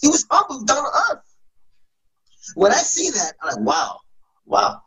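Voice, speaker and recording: Emotional man telling stories with lively pitch. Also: normal speed, low-quality recording. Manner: emotional, lively, loose street speech. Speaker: interview guest. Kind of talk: casual interview storytelling.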